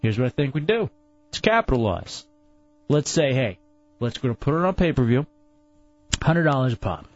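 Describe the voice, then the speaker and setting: A man's voice: medium pitch, big pitch swings, normal speed, long pauses, lo-fi sound. A man hosting a talk radio show, opinionated and argumentative in casual banter.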